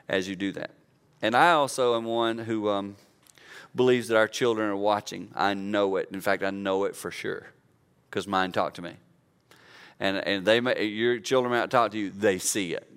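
Casting: man, fifties, pastor, bright crisp voice, earnest conversational preaching. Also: fairly low pitch. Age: 50s. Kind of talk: sermon.

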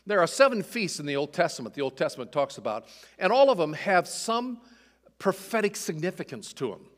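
A man with a slightly high voice teaches a sermon in a relaxed, conversational way, stumbling over restarts now and then. He reads scripture aloud with lively emphasis, and a long reverb rings behind him. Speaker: pastor.

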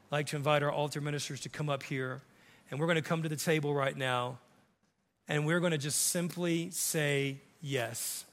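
A pastor around fifty delivers a fervent sermon in a church sanctuary, ranging from a hush to a shout while acting out the voices of others. He speaks at a normal speed in a slightly high male voice, with big-room sound.

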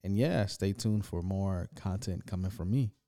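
Lower-voiced man telling stories on a podcast. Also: normal speed. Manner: laid-back, animated storytelling. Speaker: podcast co-host. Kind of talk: casual chat.

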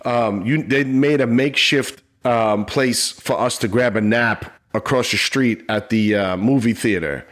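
A middle-aged man of middle pitch tells a personal story in an interview. His delivery is earnest and emotional, and it comes out in halting bursts. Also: fairly bright tone. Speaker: retired police officer and app founder.

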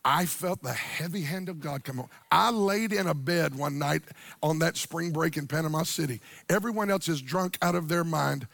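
A middle-aged man, preaching a sermon to a church congregation, animated, swinging from quiet storytelling up to near-shouted, sung-out lines. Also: a little high, normal speed, vocal fry, dry recording. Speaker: pastor.

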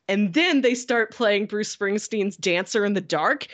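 A woman co-hosting a casual podcast chat, telling stories with animated enthusiasm. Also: mid-range voice, unhurried, few pauses. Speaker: podcast co-host.

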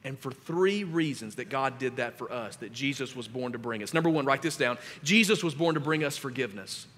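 A man preaching a sermon as pastor, with emphatic delivery that grows louder on scripture readings. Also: medium pitch, lively intonation, a little fast, in a large hall, slight background noise. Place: church sanctuary.

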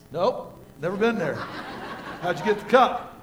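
An older American man preaching a sermon as pastor, telling folksy stories with props and swinging between quiet and loud. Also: high-pitched, expressive, moderate pace, slight background noise.

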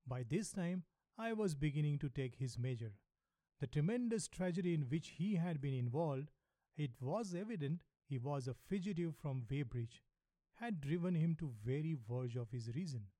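Mellow, measured male narrator. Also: fairly high pitch, lively intonation, dry recording. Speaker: audiobook narrator. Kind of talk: first-person novel narration.

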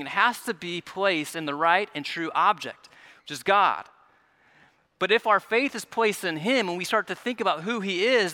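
A male pastor preaching a sermon in an earnest way, often repeating words as he restarts, dropping soft and rising again. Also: high-pitched. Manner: earnest, stumbling repetitions, drops soft then rises.

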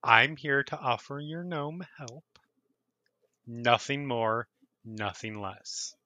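A man narrating a tabletop game as dungeon master, explaining rulings in a measured, thoughtful way. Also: mid-range voice, bright, forceful tone, no echo.

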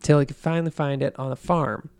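A woman's voice: sits low, fairly even intonation, quick pace, a little mellow. A woman telling a long story in casual chat, drifting into a folksy drawl, swearing freely. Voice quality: gravelly, creaky. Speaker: podcast storyteller.

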